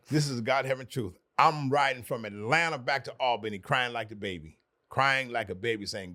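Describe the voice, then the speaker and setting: A man's voice: mid-range voice, animated, moderate pace, bright, forceful tone. A man, a podcast guest, telling an earnest personal story with emphatic repetition.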